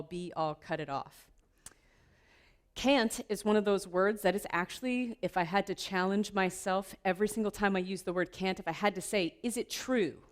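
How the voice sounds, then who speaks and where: A woman giving a playful, lively keynote talk at a conference, laughing often with the audience. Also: medium pitch. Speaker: keynote speaker. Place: conference room.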